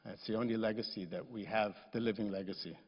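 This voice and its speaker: A man giving a funeral eulogy, speaking gently and fondly as he recalls a visit. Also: on the low side, fairly even intonation, fast. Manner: gentle, reminiscing, warm toward the widow. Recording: echoey hall, dull lo-fi sound.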